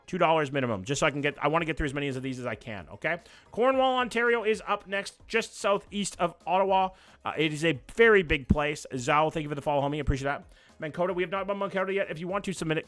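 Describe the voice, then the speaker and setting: A man, chatting casually and quickly as he reacts to places live on stream and talks to his chat. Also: on the high side, fairly bright tone. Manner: fast, casual, swears freely.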